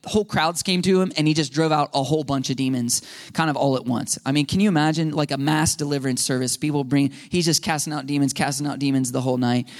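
A man preaching a sermon to a congregation, animated and questioning, often asking the listeners and adding right and okay. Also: medium pitch, fast talker. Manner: animated, rising to shouts when quoting demons. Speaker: pastor.

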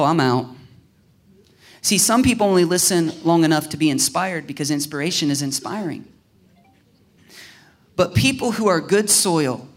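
A male pastor with a faint Southern Ohio accent delivers a sermon in a relaxed, talky way. His voice sits high for a man, and he slips into quick acted-out exchanges to make his points. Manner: animated, acts out little dialogues in voices; casual, conversational preaching with restarts.

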